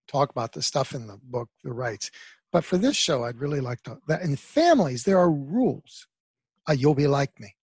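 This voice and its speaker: A man talking as a therapist on a talk show, telling a client story with emphatic bursts that trail off into quiet asides. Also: on the high side, breathy edge, dry recording. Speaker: guest therapist. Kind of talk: conversational interview talk.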